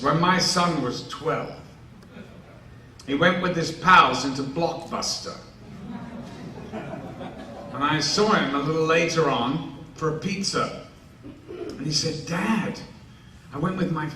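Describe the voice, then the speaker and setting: On stage at a large convention hall, an actor fields fan questions, telling a self-mocking story and acting out the voices of the people in it. His voice is a little high and sharp, with a measured pace and frequent pauses. He sits far from the mic, so the hall echoes and a faint hiss or hum comes through.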